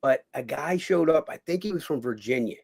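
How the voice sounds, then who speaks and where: A middle-aged man, a former boxer telling stories as a guest in a casual interview. He is an animated raconteur who acts out other people's lines. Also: on the high side, a little fast, vocal fry, slightly rough.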